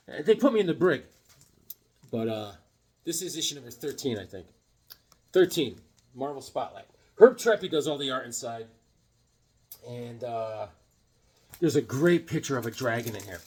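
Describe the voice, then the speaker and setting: Excitable man gushing over comics. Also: a little high, normal speed, pauses often. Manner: enthusiastic, excitable, joking. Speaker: comic collector vlogger. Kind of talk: casual chat showing comics.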